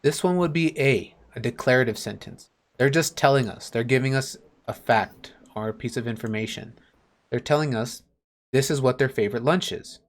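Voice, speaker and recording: A man's voice: medium pitch, normal speed. Male teacher, mid-range voice, patient and plain-spoken, teaching over a video call. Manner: patient, explains with everyday examples. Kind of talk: online class lesson.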